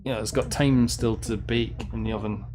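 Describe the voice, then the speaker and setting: With game music coming through clearly in the background, a let's play host talks casually as he plays. His voice is lowish and steady in tone at a moderate pace, and his commentary is rambling and sardonic, full of frequent swearing.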